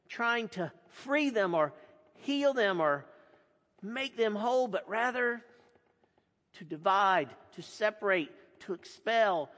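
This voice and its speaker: A pastor delivering a sermon in a deliberate, emphatic way with repeated phrases. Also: male voice, sits high, a bit bright. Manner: slow, deliberate and emphatic, with repetition. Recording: long hall reverb.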